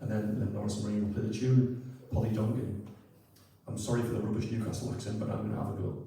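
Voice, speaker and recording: A man's voice: on the low side, level tone, fast talker, mellow. A man telling a local story before a poem, chatty and hesitant, stumbling over words and making fun of himself. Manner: chatty, hesitant, self-deprecating, chuckles often. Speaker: poet and storyteller introducing a tune. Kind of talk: rambling spoken introduction. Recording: echoey room, mic far off.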